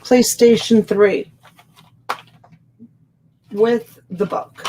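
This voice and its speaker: A woman hosts a live sales stream, chatting casually and answering viewers' comments by name. She talks at an unhurried, drawn-out pace into a desk microphone. Her voice sits at an ordinary middle pitch. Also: fairly even intonation, slight background noise. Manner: chatty and warm, greets viewers by name and laughs often. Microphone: USB desk microphone.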